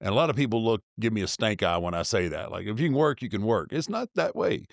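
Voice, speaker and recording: A man hosting a casual chat, relaxed and halting, often repeating words as he thinks aloud. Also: lowish voice, creaky, dry recording, clean studio sound. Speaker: host.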